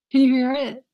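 A woman's voice: high-pitched, muffled recording, slight background noise. A woman hosting a casual live stream, chatty, apologetic and easily distracted, gushing over items she is shown.

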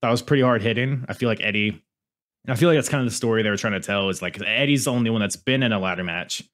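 A man's voice: fairly low pitch, fast talker, fairly bright tone. A man co-hosting a wrestling podcast, recapping matches in casual chat and laughing often. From Asian heritage. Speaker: podcast co-host.

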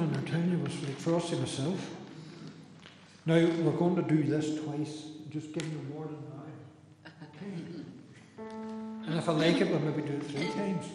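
Chatty sing-along leader. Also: male voice, a little high. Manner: chatty, jokey, quick asides. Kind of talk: casual host patter. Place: church hall. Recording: roomy hall with music behind.

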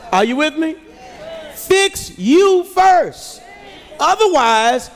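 A very high-pitched male pastor works his sermon up into shouting, drawing call-and-response from his congregation. It was recorded live in a large church sanctuary, with long reverb hanging in the hall.

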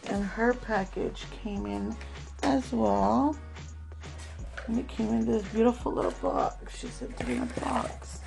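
A woman hosting a craft swap unboxing vlog at home, talking slowly and gently and calling viewers "love" again and again. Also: medium pitch, animated, creaky, over music, poor audio. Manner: slow, gentle, calls viewers "love" often.

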